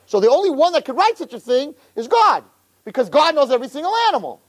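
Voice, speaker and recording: A man giving an animated storytelling sermon as a religious teacher, who keeps checking in with the audience. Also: very high voice, quick pace. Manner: animated, keeps asking "right?".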